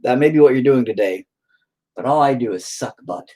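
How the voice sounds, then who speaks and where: A medium-pitched, animated man with a dark tone talks a little fast as he paints live. Reading chat, he rambles casually, swears, and makes fun of himself.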